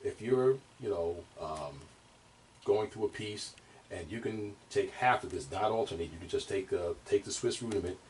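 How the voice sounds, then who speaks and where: A man teaching bass drum technique in a casual, rambling way, with many fillers and restarts. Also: moderate pace, a little mellow, a little hiss or hum. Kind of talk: casual instructional talk. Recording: distant mic, drums playing.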